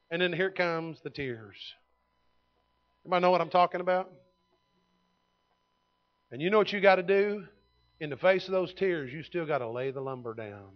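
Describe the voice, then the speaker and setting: High-voiced preacher in his fifties. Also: highs cut off. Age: 50s. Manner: folksy storytelling preacher, swings from loud to hushed. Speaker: pastor. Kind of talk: sermon. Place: church sanctuary.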